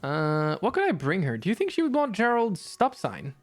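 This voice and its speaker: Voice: mid-range voice, wildly swooping pitch, moderate pace. Chatty streamer muttering over gameplay. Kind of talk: casual gameplay commentary.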